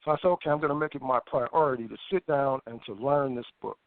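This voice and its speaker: A man with a mid-range voice, speaking quickly as a guest on a phone interview, tells a personal story with animation. He stammers and restarts, acting out his own past thoughts, over a tinny, dry phone line with no echo.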